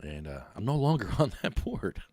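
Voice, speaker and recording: A middle-aged man, hosting a podcast and ranting in a mocking, animated way. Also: lowish voice, moderate pace, dry recording. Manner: animated, mocking, laughs often. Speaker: podcast host.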